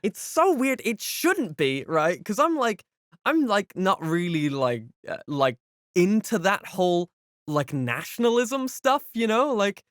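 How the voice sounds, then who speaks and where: A man co-hosting a podcast in casual chat, telling stories in an animated way full of fillers. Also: high voice, a little slow, dry recording, studio quality. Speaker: podcast co-host.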